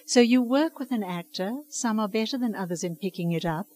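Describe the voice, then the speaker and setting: A woman's voice: medium pitch, a little fast, a little mellow. An older woman who works as a dialect coach, talking earnestly and emphatically in an interview. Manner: earnest, emphatic, passionate about her craft. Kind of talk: conversational interview.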